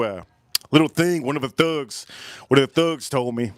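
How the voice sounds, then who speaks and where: A man hosts a whiskey tasting livestream in casual, profane chat. He rambles, repeats phrases and breaks into sudden loud bursts. His voice is mid-pitched and sits dry and close to the mic. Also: normal speed, no echo. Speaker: whiskey reviewer and livestream host.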